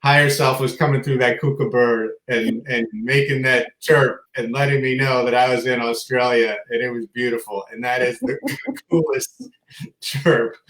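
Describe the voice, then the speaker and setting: Soft-spoken man in an echoey room. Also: medium pitch, normal speed. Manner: enthusiastic storyteller, soft-spoken at times. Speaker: co-host. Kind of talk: live Q&A chat.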